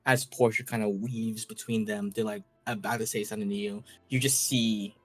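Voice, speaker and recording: A man's voice: lowish voice, steady tone, moderate pace, fairly bright tone, faint music behind. A man narrating a tabletop role-playing scene as game master, loose and full of fillers.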